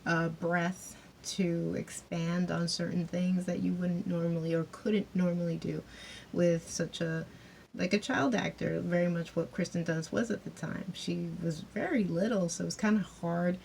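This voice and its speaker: Brief: female TV reviewer, low-pitched and gravelly, chatty with plenty of fillers and asides. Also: fairly even intonation, measured pace, darkish tone, slight background noise. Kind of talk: casual review chat.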